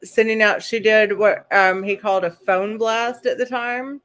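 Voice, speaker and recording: A woman hosting a casual live stream, talking through a documentary in a chatty, unscripted way. Her voice sits at a middle pitch, and she stops now and then to read letters aloud. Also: fairly even intonation, unhurried, a bit bright. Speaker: host.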